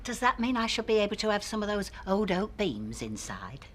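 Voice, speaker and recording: A woman's voice: mid-range voice, big pitch swings, a little fast, fairly bright tone, slight background noise. An actress playing a fussing, gossipy wife who chats and frets over her husband. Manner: fussing, chatty.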